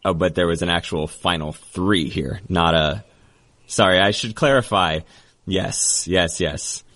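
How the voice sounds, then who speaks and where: A man hosting a podcast in a casual, chatty, joking way, full of quick asides. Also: low voice, a bit bright. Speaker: podcast host.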